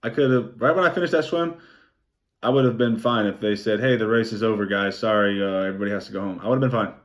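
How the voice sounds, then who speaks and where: Young man, vlogger, excited rambling recap, lowish voice, curses a lot. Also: fast. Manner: excited, rambling, swears a lot, many "like" fillers. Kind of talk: emotional race recap vlog.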